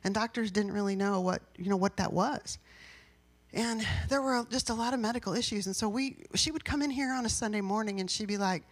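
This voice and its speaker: A woman's voice: mid-range voice, fairly quick. A woman pastor giving a sermon in a personal, conversational way, rising into emphatic bursts.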